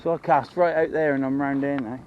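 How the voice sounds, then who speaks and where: Out by the water, a man from Norfolk, England chats to camera in broad local dialect while fishing, rambling casually as fishing vloggers do. He has a mid-range voice with fairly even intonation and a slightly fast delivery, captured with cut-off highs and some background noise.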